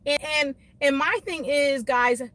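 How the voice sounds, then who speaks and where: A woman with a fairly high voice, venting emphatically to her live-stream viewers. She talks from her car, animated and quick to laugh, calling out viewers by name. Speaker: beauty vlogger doing a live stream.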